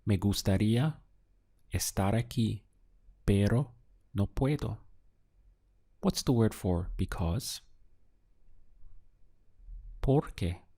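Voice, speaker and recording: A man teaching a language lesson, asking the listener to translate phrases, pausing, then giving the answers and breaking words into syllables. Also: fairly low pitch, mellow, husky. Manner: poses prompts, pauses, then gives answers syllable by syllable. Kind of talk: slow, deliberate audio language lesson.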